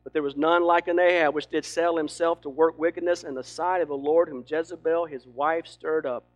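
A man preaching a sermon with emphatic delivery that swings between loud and hushed. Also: a little high, fairly even intonation, brisk, soft background music. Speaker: pastor.

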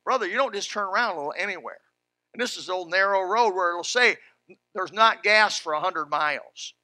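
A man preaching a sermon in a folksy, fervent way, dropping to a hush and then rising loud. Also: high voice, brisk, no room sound. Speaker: pastor.

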